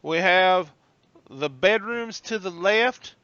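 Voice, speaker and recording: An eager, stammering older bellhop, voiced by a man, rambling on in a raised, bright voice. He fumbles and restarts his words as he talks. The sound is dull and lo-fi. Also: high-pitched, slow, clear, resonant tone, no room sound, pitched above the performer's own voice, heavily acted.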